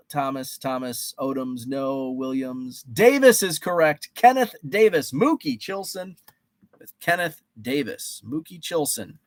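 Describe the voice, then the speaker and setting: A man's voice: mid-range voice, no echo. Chatty man hosting a card quiz stream. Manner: reads viewer names and answers, chatty and playful. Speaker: host running a trading card guessing game on a live stream. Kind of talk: casual live-stream chat.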